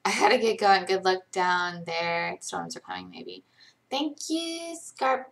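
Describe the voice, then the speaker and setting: A woman's voice: on the low side, very animated, normal speed, a bit bright. A young woman hosting a casual late-night live Q&A from home, chatty and rambling, often poking fun at herself. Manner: chatty, rambling, self-deprecating. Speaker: livestream host.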